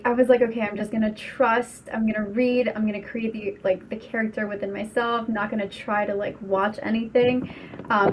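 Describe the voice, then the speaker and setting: A woman, an actress appearing as a guest in a podcast interview, who speaks softly, giggles and lets her sentences trail off quietly. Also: fairly high pitch, a little hiss or hum.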